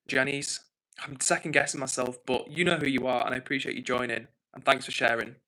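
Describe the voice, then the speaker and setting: An English man hosting a livestream from home, chatting casually and reading out comments in an excitable, quick way. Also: medium pitch, poor audio. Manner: excitable, fast-talking. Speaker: livestream host.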